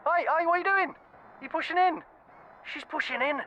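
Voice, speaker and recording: A man's voice: high-pitched, expressive, moderate pace, bright, forceful tone, muffled recording, slight background noise. An actor playing a cheery, rambling male street reporter in a comedy radio sketch, chatty and oblivious. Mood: indignant. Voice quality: chatty and rambling, calls people baby.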